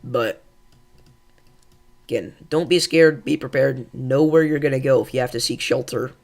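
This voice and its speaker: A man hosting live severe weather coverage, calmly reassuring viewers and thinking aloud with fillers as he reads radar. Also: mid-range voice, normal speed, creaky. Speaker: weather livestream host.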